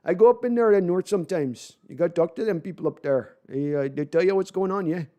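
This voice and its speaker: A man's voice: high-pitched, quick pace, mellow, close to an everyday voice. A man putting on a Canadian accent, playing a friendly northerner who ends phrases with questioning tags. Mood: jokey. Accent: put-on Canadian.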